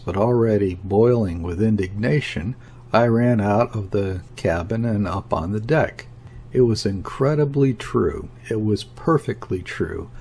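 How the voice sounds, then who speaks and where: A man narrating a classic novel as an audiobook, reading in a measured, deliberate way. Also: on the low side, a little mellow, slightly rough. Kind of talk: scripted narration.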